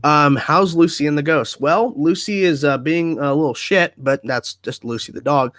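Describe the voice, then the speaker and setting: At home, a man hosts a casual livestream, reading viewer comments aloud and answering them in a relaxed, chatty way. His voice is a little high and his pace moderate, with clean studio sound and no echo.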